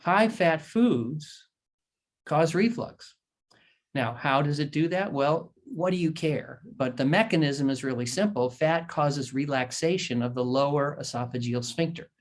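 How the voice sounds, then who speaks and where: A man's voice: mid-range voice, normal speed, hardly any pauses. Man giving emphatic patient education. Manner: repeats points emphatically, tells folksy stories. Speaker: surgeon explaining diet to patients. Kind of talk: patient education talk over a shared screen.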